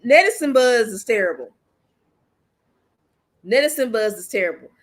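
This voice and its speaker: A woman's voice: on the high side, expressive, moderate pace. A woman hosting her own commentary channel, ranting bluntly and emphatically in casual slang and repeating her points.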